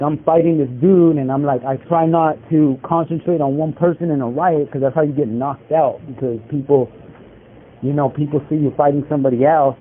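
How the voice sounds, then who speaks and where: A man in prison telling a story in casual street slang, rambling with lots of fillers, over a phone call. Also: medium pitch. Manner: rambling, filler-heavy street slang, many likes and bros. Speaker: incarcerated interviewee telling a story. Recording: tinny prison phone line with faint hiss.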